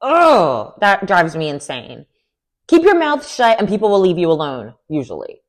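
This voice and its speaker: Sassy, animated woman recapping. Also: lowish voice, normal speed. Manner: animated, sassy, lots of "like" and "girl". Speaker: recap vlogger. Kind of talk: opinionated reality TV recap.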